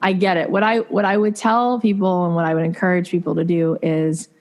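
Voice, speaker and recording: A woman's voice: on the low side, little pitch movement, brisk, a little mellow. Earnest woman sharing personal struggles. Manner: earnest, confiding, with many likes and restarts. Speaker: podcast guest. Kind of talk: candid conversational storytelling.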